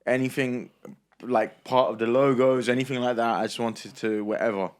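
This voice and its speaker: A young man speaks in a relaxed, matter-of-fact way as he joins a casual podcast chat. His voice sits at a middle pitch. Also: moderate pace. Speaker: podcast co-host.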